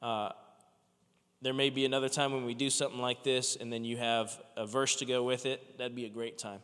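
A man leading a church gathering, explaining to the congregation how the sharing will work in an informal, halting way. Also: mid-range voice, level tone, fairly bright tone, smooth. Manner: informal and hesitant, full of fillers and restarts. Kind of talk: giving instructions to a congregation. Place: church sanctuary. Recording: long church hall reverb.

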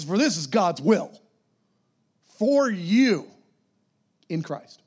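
A middle-aged man preaching a sermon in a casual, conversational way, sometimes dropping to soft whispered prayers. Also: very high voice.

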